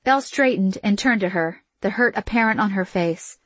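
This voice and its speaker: A woman's voice: mid-range voice, moderate pace, husky, dry recording. Woman narrating a novel, dry close sound. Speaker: audiobook narrator. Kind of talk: scripted fiction narration.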